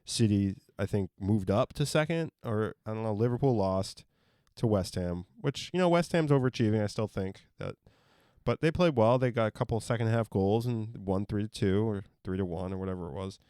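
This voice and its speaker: Man, podcast co-host, relaxed joking chat, smooth resonant voice, dry close sound. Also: lowish voice, moderate pace, no room sound. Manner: joking, laid-back, trails off into asides. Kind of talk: casual sports chat. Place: home podcast studio.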